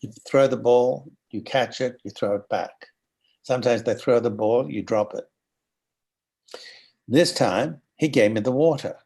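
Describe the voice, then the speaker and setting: An older Australian man telling animated anecdotes as an interview guest, acting out the voices of people he quotes. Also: mid-range voice, a little slow, vocal fry, slightly rough. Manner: animated storyteller who acts out quoted voices. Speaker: guest actor.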